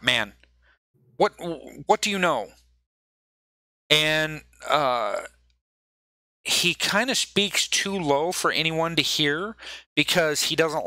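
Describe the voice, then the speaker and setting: Bright-voiced male game master. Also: fairly high pitch, no echo. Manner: loose, rambling, many fillers and restarts. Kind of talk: narrating a tabletop game.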